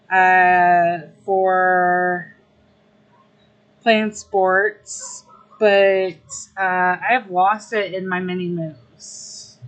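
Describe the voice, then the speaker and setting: A woman's voice: fairly low pitch, a bit bright, muffled recording. A young adult woman livestreaming, chatting casually with her viewers, emotional and grateful. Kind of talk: casual live-stream chat.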